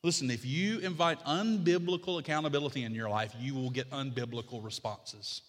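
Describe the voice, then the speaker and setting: A middle-aged man preaching a sermon as pastor, building to emphatic repeated lines, then easing into quiet, conversational teaching. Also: medium pitch, brisk, long reverb tail.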